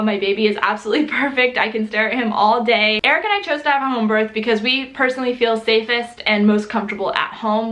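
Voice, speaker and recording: Chatty young woman, higher voice. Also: fairly bright tone. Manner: chatty, laughing often, many "like" fillers. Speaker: vlogger. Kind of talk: casual storytelling to camera.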